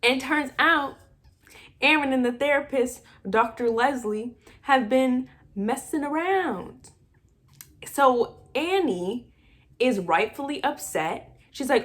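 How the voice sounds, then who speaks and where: A woman casually retelling a film plot with animated, exasperated asides. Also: fairly high pitch, takes it slowly. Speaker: movie recap vlogger. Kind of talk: casual movie recap.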